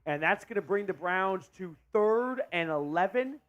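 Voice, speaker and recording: A man hosting a live stream and calling a football game as a fan, getting excited and shouting on big plays. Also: sits high, moderate pace, lo-fi sound. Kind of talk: fan play-by-play commentary.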